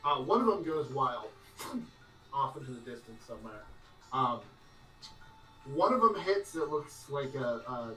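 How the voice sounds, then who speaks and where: A man narrating as game master of a tabletop game, in a loose, halting way with many fillers and laughs. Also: medium pitch, big pitch swings, a bit bright, roomy sound, far from the mic, soft background music, rough recording.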